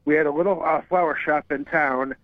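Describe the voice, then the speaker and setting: A man's voice: a little high, fairly even intonation, fairly quick, no echo. A man calling in to a talk radio show, telling easygoing stories in a casual chat. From Ohio. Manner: storytelling, easygoing. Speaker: caller. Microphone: phone. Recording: muffled phone line, dry.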